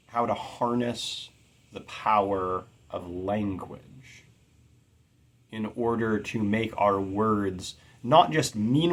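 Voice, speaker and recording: A middle-aged man teaching about poetic meter in an earnest, measured way, carefully stressing his words. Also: fairly low pitch. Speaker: poetry teacher.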